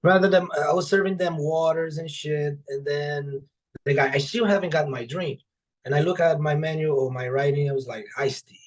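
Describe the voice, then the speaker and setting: A man's voice: a little high, normal speed. A young adult man, a podcast guest and author, telling casual stories with plenty of swearing and acted-out dialogue. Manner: animated, profane, acts out quoted dialogue. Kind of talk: casual storytelling in conversation.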